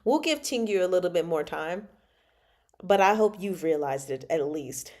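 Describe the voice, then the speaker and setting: A woman hosts a casual livestream book chat with an animated, exasperated energy. She laughs often and talks back to the characters, and her voice sits at an ordinary middle pitch. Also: measured pace, long pauses. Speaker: book club host.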